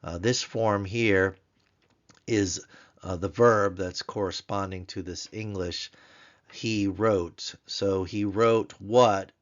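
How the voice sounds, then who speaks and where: A man teaching a grammar lesson in a recorded tutorial, explaining slowly and repeating words so learners can pronounce them. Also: on the low side, fairly even intonation, dull audio. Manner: slow, careful, repeats Hebrew words to drill pronunciation.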